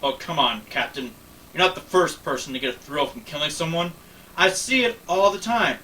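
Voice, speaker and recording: A man's voice: fairly high pitch, moderate pace, sharp tone, voice pushed up. A man reading as a blunt, scornful young woman, mocking and defiant, recorded from a distance with faint background noise. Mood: taunting.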